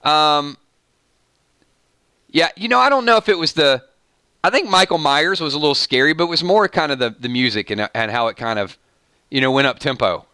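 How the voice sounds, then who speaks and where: Bright Southern-accented man hosting a stream. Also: a little high, lively intonation, normal speed, long pauses, smooth, no room sound. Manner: jokey, reads viewer comments aloud. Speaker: live stream host. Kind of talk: casual live stream chat.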